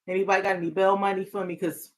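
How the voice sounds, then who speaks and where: A woman's voice: medium pitch, flat delivery, very fast, slight background noise. A woman hosting a talk show as a therapist, speaking earnestly in a casual, heartfelt way. She often restarts her sentences and breaks into laughter.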